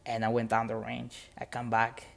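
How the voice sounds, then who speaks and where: A man's voice: medium pitch, monotone, normal speed, vocal fry, fairly bright tone. A man telling a motivational story on a podcast in earnest, plain-spoken English with non-native grammar.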